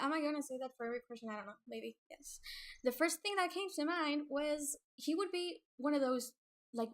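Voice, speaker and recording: A young woman chatting casually on a livestream about her comic, nervous and giggly, halting with many fillers and restarts. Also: sits high. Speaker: webcomic creator streaming.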